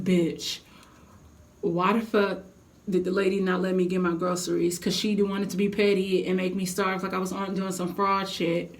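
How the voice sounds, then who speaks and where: A young adult woman telling a heated storytime to her vlog viewers, venting with blunt, profane language. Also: medium pitch. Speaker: vlogger.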